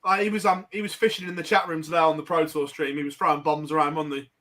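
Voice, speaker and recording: A man's voice: on the high side, level tone, fast, pushed and bright. A man with an English accent hosting a casual chat, chatty and laughing often as he steers the topics. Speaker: podcast host. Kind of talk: casual banter.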